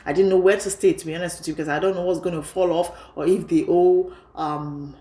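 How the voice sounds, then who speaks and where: A woman with a low voice tells a personal story for her vlog in a lively, chatty way. She keeps saying "you know" as she goes. Her voice bounces around an echoey room. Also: fast talker. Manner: lively retelling, heavy use of "you know". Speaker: vlogger.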